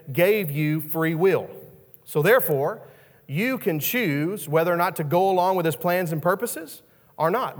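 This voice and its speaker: A man's voice: fairly high pitch, big-room sound. A man preaching a sermon who often restarts and repeats words and asks his listeners questions.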